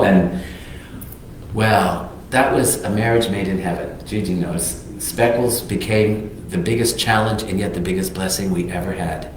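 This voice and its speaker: A man, a minister, telling a personal story in a sermon as a lively storyteller who acts out the people he quotes. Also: fairly low pitch, a little hiss or hum. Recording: very echoey hall.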